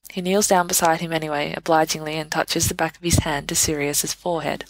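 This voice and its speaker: A woman reading fan fiction aloud as a podfic, with wry, deadpan narration. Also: deep voice, moderate pace, vocal fry, dry recording, rough recording. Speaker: podfic reader.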